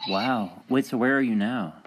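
A man calmly asking short, curious questions and giving brief reactions. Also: mid-range voice, moderate pace, background noise. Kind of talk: casual chat.

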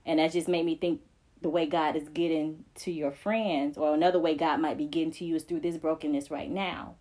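Earnest woman with a low voice. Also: steady tone, brisk, dark tone. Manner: earnest, emphatic preaching cadence with repeated phrases. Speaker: podcast co-host. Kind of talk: faith podcast conversation.

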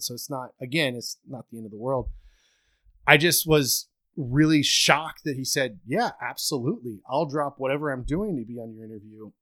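A man's voice: mid-range voice, a bit bright. Rambling self-deprecating man podcasting. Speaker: podcast co-host. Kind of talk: casual chat. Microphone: home microphone, remote call.

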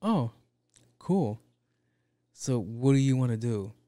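A man's voice: mid-range voice, lively intonation, slow pace, warm tone, dry recording. A man voicing an eager male studio executive who keeps agreeing while flustered.

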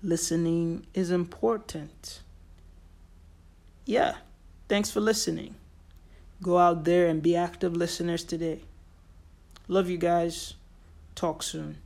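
An earnest solo podcaster talking straight to listeners about a point they care about. The delivery is emphatic and repeats key phrases to drive them home, with a middle-pitched voice that sits between typical male and female ranges. Quoted remarks are briefly acted out along the way. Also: little pitch movement, unhurried, creaky, pauses often, a little mellow. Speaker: podcast host. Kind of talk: solo motivational podcast monologue.

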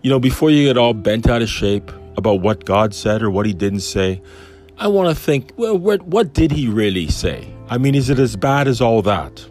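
A man's voice: medium pitch, animated, normal speed, a little mellow, faint music behind, natural voice. A man putting on a sly wheedling serpent. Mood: coaxing. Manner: coaxing, insinuating, smooth-talking.

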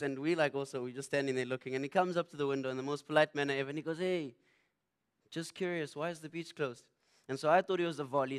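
A young man, preaching through a funny personal story. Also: a little high. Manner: animated, humorous, self-mocking.

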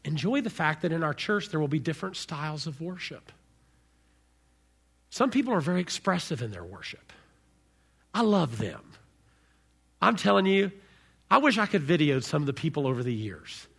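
A man preaching a sermon as pastor, animated, swinging from soft to loud. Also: high-pitched, a little fast, vocal fry, husky.

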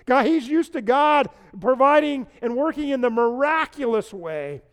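A pastor with a strikingly high voice delivers an earnest sermon, pressing his online listeners with questions and repeating key phrases for emphasis. His words ring out with a long reverb trailing behind them. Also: animated, normal speed.

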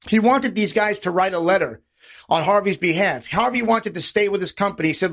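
Man, podcast host, casual monologue, swearing, animated storytelling, raspy fry. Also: high-pitched, fairly quick. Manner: animated storytelling, acts out quoted voices. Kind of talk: casual profanity-laced monologue.

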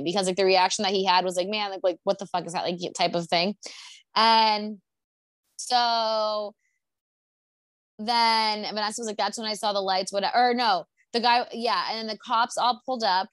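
A young woman chats casually from her apartment, rambling through a story full of filler words and swearing. Her voice sits at a middle pitch, and the sound is close and dry with no room echo. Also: steady tone, normal speed. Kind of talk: casual chat.

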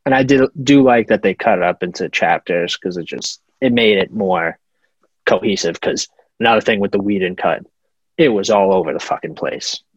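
A man's voice: on the low side, normal speed, slightly rough, dry recording. A man co-hosting a casual film review podcast, laid-back and profane, with hesitant restarts. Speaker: podcast co-host. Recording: dull muffled home mic.

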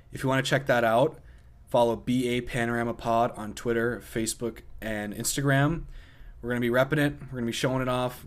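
Young guy cohosting a podcast, jokey, lots of "like"s, laughs a bunch. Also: medium pitch. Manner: joking, laughs often, many "like" fillers. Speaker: podcast co-host. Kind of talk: casual chat.

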